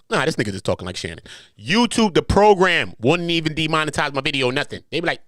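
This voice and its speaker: Animated, joking New man. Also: fairly high pitch, fast, dry recording. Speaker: podcast host. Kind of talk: comedic reaction commentary.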